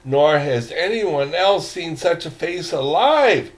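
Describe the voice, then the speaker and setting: A man's voice: fairly high pitch, expressive, takes it slowly. An older man voicing a haughty, disdainful male jungle guide in a read-aloud storybook, lecturing with scorn.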